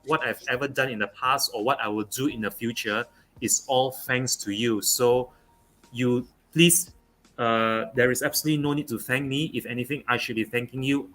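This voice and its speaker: A young man from Malaysia, talking football as a guest on a casual online show, pausing often with fillers and restarts. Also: mid-range voice, a bit bright. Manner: halting, many fillers and restarts. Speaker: guest pundit.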